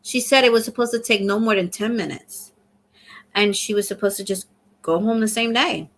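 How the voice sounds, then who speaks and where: A woman's voice: mid-range voice, normal speed. A middle-aged woman hosting a casual live stream, chatting and thanking viewers as she reads their comments aloud. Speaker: livestream host.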